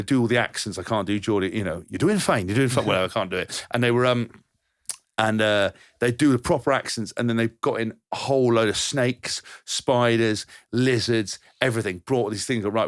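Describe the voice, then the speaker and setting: A former rugby player co-hosting a podcast rambles through anecdotes in a fairly low voice, swearing freely and often restarting sentences. It's casual storytelling chat, recorded with clean studio sound and no echo.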